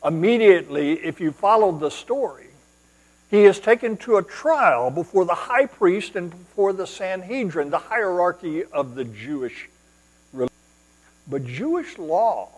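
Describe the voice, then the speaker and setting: A man's voice: sits high, rough recording. A male pastor preaching a sermon, explaining a passage and asking rhetorical questions.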